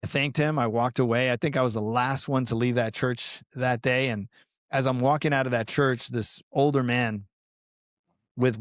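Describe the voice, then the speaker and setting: A middle-aged man from Colombia, a podcast guest, telling a personal story in an earnest, animated, casual way, often saying "man" and "you know.". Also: medium pitch, dry recording, clean studio sound. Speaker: podcast guest, pastoral counselor and fitness coach.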